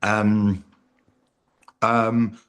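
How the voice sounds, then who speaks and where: A man's voice: on the low side, level tone, drawn-out words, fairly bright tone, clean tone. A British man, a comedian guest, chatting casually and telling self-deprecating stories with plenty of ums. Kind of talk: casual chat.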